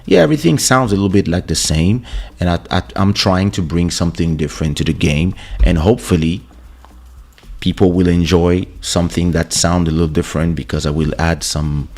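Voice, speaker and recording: Male host, very low voice, laid-back anecdotal delivery with stammered restarts, podcast mic. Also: a little fast. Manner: relaxed anecdotal, stammering repeats. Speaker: host and musician. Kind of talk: casual storytelling. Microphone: studio podcast microphone.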